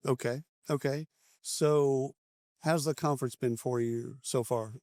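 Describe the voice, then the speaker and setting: A man hosting a casual podcast interview at a conference, mid-pitched and upbeat. He encourages his guest and asks quick follow-up questions. The sound is dry and close, with almost no room echo. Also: steady tone, darkish tone. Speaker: podcast host. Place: conference venue.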